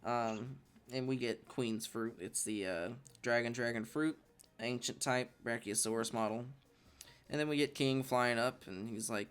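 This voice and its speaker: A man's voice: medium pitch, measured pace, a bit bright, clean tone. Laid-back man recapping a comic. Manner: laid-back, laughs often, narrates and reads lines aloud. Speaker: podcast co-host. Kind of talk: casual chat, recapping a comic.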